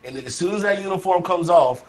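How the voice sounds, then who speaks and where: A man with a slightly raised voice co-hosts a casual podcast chat. He talks in a measured, reflective way, often restarting a thought before finishing it. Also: high-pitched, a little mellow, rough recording.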